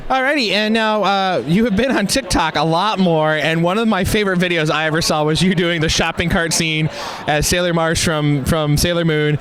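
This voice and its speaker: A man's voice: on the high side, moderate pace, fairly bright tone. A man interviewing a guest at a convention, asking friendly questions with fillers and restarts.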